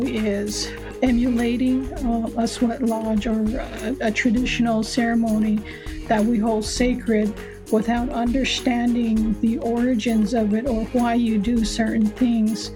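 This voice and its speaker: Brief: older woman guest, calm and reflective, flat even delivery, music bed underneath. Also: a little high. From Navajo Nation, US. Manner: calm, unhurried, with many fillers. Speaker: guest, wisdom keeper. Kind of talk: reflective interview answer.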